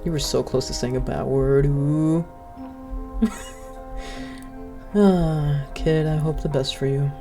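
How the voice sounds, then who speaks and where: A woman's voice: low voice, steady tone, slow pace, long pauses, over music. A woman giving casual gameplay commentary, chatty and giggly with playful suspicion. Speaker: gaming channel host.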